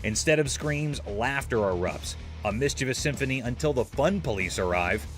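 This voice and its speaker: A man's voice: medium pitch, animated, normal speed, faint music behind. A man narrating a show recap in a scripted, playful, jokey storytelling manner.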